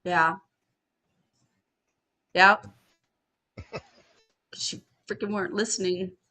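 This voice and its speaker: A woman's voice: mid-range voice, steady tone, takes it slowly, sharp tone. A woman on a podcast panel talking casually and bluntly, swearing freely as she vents. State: studying for a master's degree. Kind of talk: casual chat.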